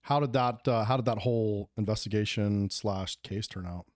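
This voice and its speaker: Low-voiced male podcast host. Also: normal speed, a little mellow, no echo, studio quality. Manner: brief prompting questions and reactions. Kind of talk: interview questions.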